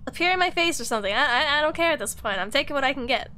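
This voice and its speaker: A woman's voice: high voice, animated, rapid-fire, sharp tone, slight background noise. A woman streamer commentating on a ghost-hunting game, taunting and cursing as she calls out to the ghost. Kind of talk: casual gameplay commentary.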